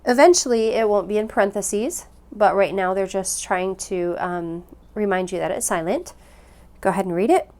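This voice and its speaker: A woman teaching a recorded phonics lesson, her pitch sitting in an ordinary middle range. She talks patiently and repeats each word slowly so learners can follow along. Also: darkish tone. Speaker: language teacher.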